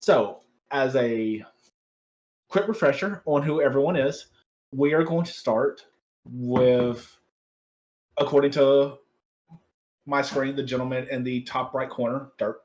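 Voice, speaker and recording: A man's voice: medium pitch, a little slow, pauses often, darkish tone, muffled recording. Easygoing man running a tabletop game. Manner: upbeat, laughing, easygoing. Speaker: game master. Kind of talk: casual tabletop game hosting.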